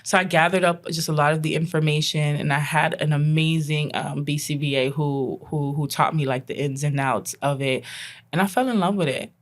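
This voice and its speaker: A woman guest on a podcast, a behavioral consultant, telling a personal story in an animated way and acting out what people said. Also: deep voice, normal speed. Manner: animated, acts out quoted dialogue, laughs often.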